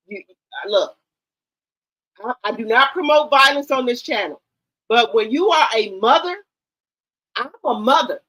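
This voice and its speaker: A middle-aged woman hosts a casual livestream, speaking bluntly to her viewers and repeating herself for emphasis. Her high-pitched voice is a bit bright and moves at normal speed, though the audio is poor.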